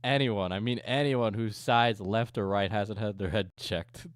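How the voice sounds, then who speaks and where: Speaking unhurriedly in a steady, lowish voice, a man who owns a coffee business talks with his livestream viewers. He jokes, rants, swears often, and laughs a lot.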